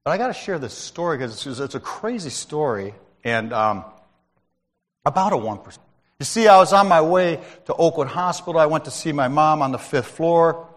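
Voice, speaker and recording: A lay speaker gives a sermon-style testimony at church, telling his story conversationally and calling out to listeners by name. His high-ish, expressive male voice moves at a moderate pace in a large hall.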